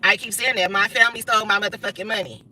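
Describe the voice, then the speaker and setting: A woman's voice: medium pitch, fairly even intonation, racing, pushed and bright, rough recording. A woman, talking bluntly and profanely through a casual livestream monologue. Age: 30s. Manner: blunt, profane, emphatic storytelling. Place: inside a car.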